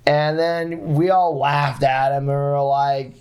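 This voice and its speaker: A man's voice: a little high, fairly even intonation, moderate pace, clean tone. A man talking casually as a podcast guest, rambling through a story and laughing often. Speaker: guest, founder of a video company.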